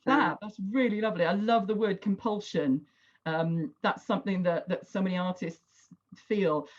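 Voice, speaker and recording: Through muffled, lo-fi video call sound, a woman facilitates a virtual workshop at a normal speed in a mid-range voice. Her manner is friendly and supportive, peppered with frequent "sort of" qualifiers.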